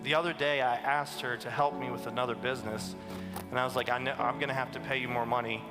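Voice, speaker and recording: A man's voice: mid-range voice, level tone, fast. A man giving a motivational talk on stage, emphatic and blunt, sometimes swearing and getting emotional. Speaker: keynote speaker. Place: large hall on stage. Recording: long hall reverb, music behind.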